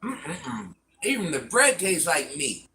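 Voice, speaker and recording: An older woman chats casually with her live-stream viewers as she eats and savors her food, a mukbang streamer. Her medium-pitched voice is animated, bright and forceful at a moderate pace. The mic is distant, with faint background noise.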